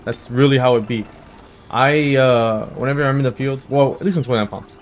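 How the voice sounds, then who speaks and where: A young man in his twenties, a gaming channel host, telling a rambling, jokey story in a casual way, with sudden loud bursts. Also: mid-range voice, fairly even intonation, a little fast. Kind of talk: casual storytelling over gameplay. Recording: faint background music.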